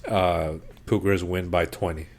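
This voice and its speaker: A man co-hosting a sports podcast, chatty and excitable, calling his co-host "bro" and "dude.". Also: low-pitched, measured pace, a little hiss or hum. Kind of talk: casual sports chat.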